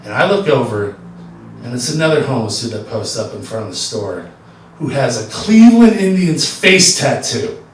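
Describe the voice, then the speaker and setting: A man's voice: mid-range voice, big pitch swings, normal speed, a little hiss or hum. A man performing a stand-up comedy set, telling rambling stories full of fillers. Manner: rambling, filler-heavy storytelling. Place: comedy stage. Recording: roomy stage sound from far off.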